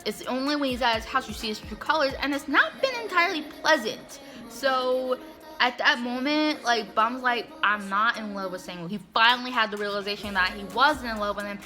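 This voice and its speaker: A woman's voice: a little high, a little fast, bright, forceful tone. Chatty sarcastic woman recapping a story. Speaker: comic recap host. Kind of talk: casual commentary recap. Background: music.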